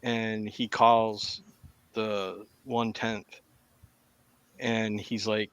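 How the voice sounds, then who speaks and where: A man in a casual chat, quietly retelling a TV scene in a low-key way. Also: little pitch movement, slow pace. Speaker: podcast co-host. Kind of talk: casual chat, episode recap.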